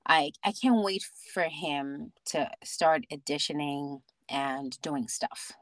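A woman speaking as a podcast guest, telling stories about her child in an animated way, often restarting her sentences. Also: deep voice, takes it slowly, dry recording. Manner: animated storytelling with many restarts and laughs. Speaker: podcast guest, mother and theatre actor. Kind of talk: casual interview chat.

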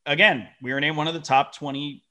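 A man, a company founder guest telling lively, profane stories in a casual interview. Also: fairly high pitch, fairly quick. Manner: animated, profane, acts out quoted dialogue.

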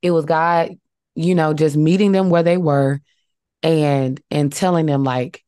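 A woman with a deep, low voice co-hosts a casual faith podcast. She speaks earnestly and reflectively, with lots of "like" and "you know." The recording is dry and close, with no room sound. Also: steady tone, measured pace, warm tone, no echo. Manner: earnest, reflective, many fillers. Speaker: podcast co-host.

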